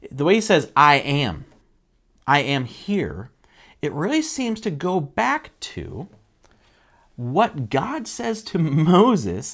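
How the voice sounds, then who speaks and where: A man preaching a casual, conversational sermon as a church pastor, acting out the people he quotes. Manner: animated, conversational, acts out quotes with jumps in pitch.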